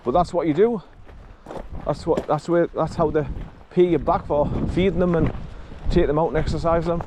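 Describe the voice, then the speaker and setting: A man's voice: a little high, normal speed. Chatty older man. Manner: chatty, laughs often, coos at his dog. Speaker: vlogger walking his dog. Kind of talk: casual outdoor vlog chat. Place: outdoors by a river road in wind. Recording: wind noise outdoors.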